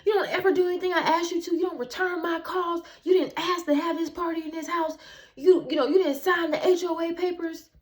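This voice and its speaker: A woman voicing a furious realtor who scolds a tenant in high, rapid-fire complaints. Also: steady tone. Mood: angry. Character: furious realtor demanding unpaid rent.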